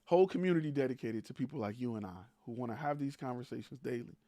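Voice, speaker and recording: A man's voice: medium pitch, expressive, quick pace, warm tone, dry recording. Blunt teasing man, close and dry. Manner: blunt, teasing, rhetorical questions. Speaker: host of a live stream for creators. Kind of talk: blunt motivational talk.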